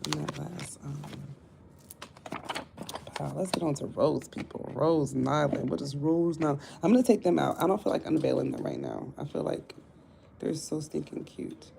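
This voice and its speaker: A woman's voice: low-pitched, normal speed, gravelly, noisy background. A woman giving a casual live tarot reading, blunt and talkative, cussing and joking to her viewers. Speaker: tarot reader.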